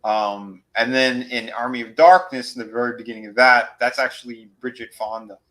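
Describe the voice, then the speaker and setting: A man co-hosting a horror review podcast, excitedly retelling episode scenes in a rambling, casual way. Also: medium pitch, moderate pace. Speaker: podcast co-host.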